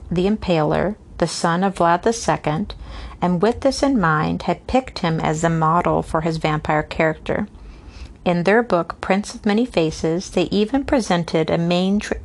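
Woman reading a classic novel aloud, low-voiced. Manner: reads steadily, stumbles on hard names and pauses for unscripted asides. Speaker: reader. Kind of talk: casual read-aloud of a novel with asides.

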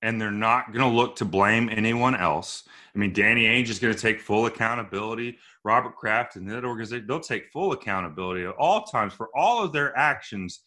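A man's voice: fairly low pitch, fairly quick, hardly any pauses, sharp tone. A man co-hosting a casual sports podcast, speaking with dry sarcasm and many restarts. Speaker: podcast co-host.

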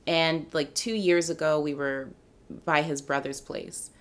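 A woman's voice: sits low, a little slow. A woman in her thirties from Canada, a comedian telling a self-mocking story in casual chat and acting out the people she quotes. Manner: animated, self-mocking, acts out quoted voices. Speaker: comedian guest.

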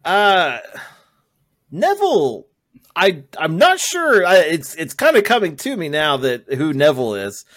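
Slow-talking, giggly podcast host man. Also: fairly high pitch, huge pitch swings, fairly bright tone, no echo, clean studio sound. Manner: giggly, halting, laughs often. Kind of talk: casual chat.

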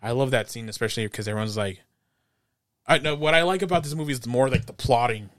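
A man's voice: mid-range voice, fast talker, dry recording, studio quality. A young man co-hosting a casual film review podcast, laid-back and laughing often, trailing off with fillers. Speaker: podcast co-host.

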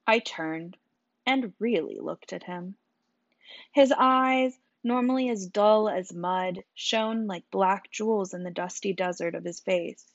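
A woman's voice: medium pitch, measured pace, gravelly, dry recording. A woman narrating a story in the first person with a wry, dry telling. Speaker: audiobook narrator. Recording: dull, dry sound.

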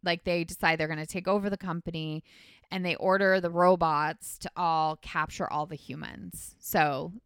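A woman with a low-set, very smooth and clean voice hosts a casual podcast. She talks through a film's plot in a loose, rambling way and keeps filling it with "like" and "um". She sounds close and dry, with no room around her. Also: fairly even intonation, normal speed, a bit bright, dry recording. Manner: rambling plot retelling full of "like" and "um". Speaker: podcast host. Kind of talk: casual movie recap chat.

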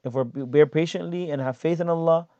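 A man giving a casual, animated religious lesson, explaining hadith and acting out everyday complaints. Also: a little high, a little fast, no room sound. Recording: dull lo-fi sound.

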